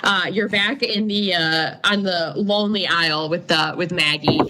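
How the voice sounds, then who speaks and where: A woman narrating a tabletop game as game master, dramatic and energetic, with fillers. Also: fairly low pitch, normal speed, noisy background.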